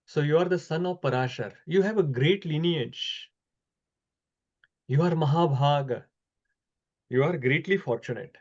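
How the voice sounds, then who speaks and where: Man teaching scripture, measured. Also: a little high, a little mellow, lo-fi sound. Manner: measured, explanatory, frequent "uh" pauses. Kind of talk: scripture class over a video call.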